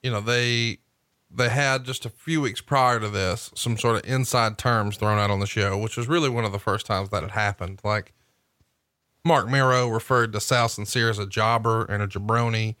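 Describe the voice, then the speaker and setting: A man's voice: on the low side, fairly even intonation, normal speed, bright, forceful tone, no echo, clean studio sound. A man hosting a casual podcast chat, recapping events and asking teasing questions. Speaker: podcast host.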